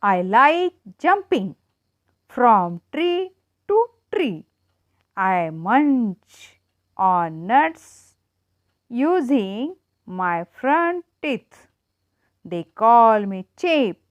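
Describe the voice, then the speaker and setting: A woman teacher slowly reading animal riddles to children in an emphatic, sing-song way. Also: on the high side, sing-song, dry recording. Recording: dull lo-fi dry sound.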